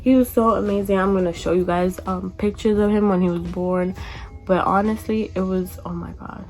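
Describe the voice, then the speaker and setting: A woman in her twenties chatting casually in a storytime vlog, acting out quoted people in a higher voice. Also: fairly even intonation, moderate pace, a little mellow, faint music behind. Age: 20s. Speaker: vlogger.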